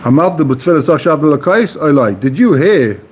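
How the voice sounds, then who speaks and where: A man's voice: a little high, fairly quick, breathy edge. A man teaching a Talmud class, reading phrases aloud and then explaining them in plain, casual words. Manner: reads Aramaic phrases then translates casually, animated. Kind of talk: explaining Talmud text to a study partner.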